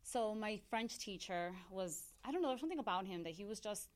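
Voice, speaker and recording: A woman's voice: medium pitch, fairly quick. Woman in her thirties telling her story. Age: 30s. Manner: animated storyteller acting out quoted dialogue, laughs often. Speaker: podcast guest, hairstylist and entrepreneur. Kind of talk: casual interview storytelling.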